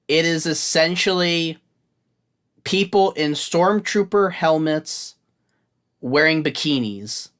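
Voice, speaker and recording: A man's voice: a little high, a bit bright. A man co-hosting a podcast, chatting casually and rambling through a long list he is looking up. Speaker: podcast co-host. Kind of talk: casual chat.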